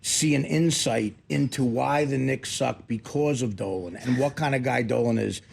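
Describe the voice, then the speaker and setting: A man's voice: medium pitch, moderate pace, gravelly, slight background noise. A man hosting a comedic studio talk show, sarcastic and interrupting with jokes. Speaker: radio talk show host.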